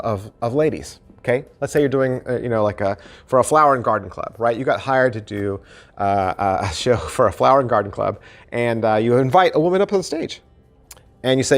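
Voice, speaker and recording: Chatty middle-aged man reviewing magic. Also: medium pitch. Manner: animated, chatty, repeats phrases for emphasis. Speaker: magic trick reviewer, channel host. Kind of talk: casual product review to camera.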